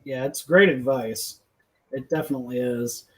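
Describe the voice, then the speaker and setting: A man's voice: mid-range voice, moderate pace, a bit bright. Laid-back man hosting a video chat. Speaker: host. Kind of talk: casual chat.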